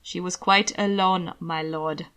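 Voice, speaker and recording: A proper old butler answers in a low, slow, dry drawl, weary of his master, as a woman plays him. His tone stays clipped and correct, with little lift in it. It comes from a storybook audio reading. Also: steady tone, pushed and bright. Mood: exasperated. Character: exasperated older male butler, dry and proper.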